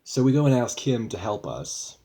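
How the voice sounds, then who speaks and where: A man's voice: mid-range voice, sing-song, moderate pace, dark tone. A young man vlogging in a rambling, profane, frustrated way about trouble at home. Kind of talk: casual venting vlog.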